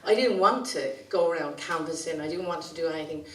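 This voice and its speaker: Irish woman speaker, colloquial storytelling at a conference, faint room noise, lower register. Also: brisk, a bit bright. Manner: chatty, anecdotal, colloquial. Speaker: community activist speaker. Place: conference hall. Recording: roomy sound from a distant mic.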